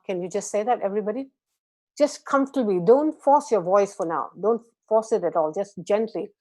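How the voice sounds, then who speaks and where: A woman from Malaysia guiding a group through a gentle voice and breathing exercise, patient and encouraging. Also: mid-range voice, moderate pace. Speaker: voice and meditation instructor. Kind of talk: guided voice exercise class.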